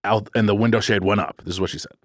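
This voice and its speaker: Male podcast co-host, deep voice, dry close sound, rambling jokey storyteller. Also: steady tone, fast talker, dry recording. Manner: rambling, self-correcting, jokey. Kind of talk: casual storytelling. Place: podcast studio.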